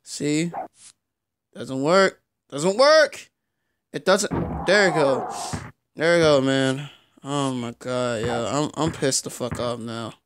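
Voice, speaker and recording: A young man reacting out loud to a basketball video game, frustrated, swearing and yelling as he plays. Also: medium pitch, takes it slowly, pauses often, background noise. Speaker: gaming YouTuber. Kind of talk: live gameplay commentary.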